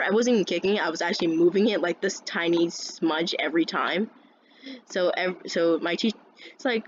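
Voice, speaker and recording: A woman's voice: on the low side, expressive, normal speed. Brief: teen girl vlogger, heated rambling rant, swears constantly, lo-fi recording with faint hiss. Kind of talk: ranting storytime.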